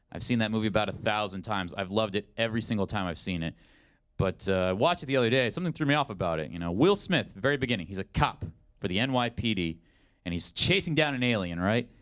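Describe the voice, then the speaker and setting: A man in his twenties performing a stand-up comedy set, telling self-deprecating stories in an animated way. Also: fairly low pitch, normal speed. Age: 20s. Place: comedy stage in a studio.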